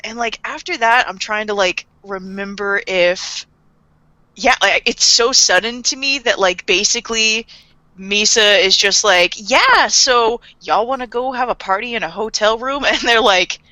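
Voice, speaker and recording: Bright animated woman recapping anime. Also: mid-range voice, unhurried, dry recording. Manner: animated retelling with laughs and voiced quotes. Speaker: podcast co-host. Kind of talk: casual anime recap chat.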